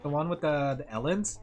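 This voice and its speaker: A woman's voice: low voice, a little mellow. A woman streamer chatting casually while she draws, rambling and thinking aloud as she reads chat. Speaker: vtuber streamer.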